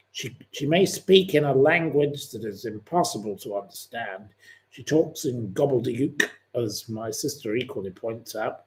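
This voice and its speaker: A man's voice: mid-range voice, a little mellow. A man hosting a live-stream quiz, chatting in a rambling, opinionated way between questions. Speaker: livestream host.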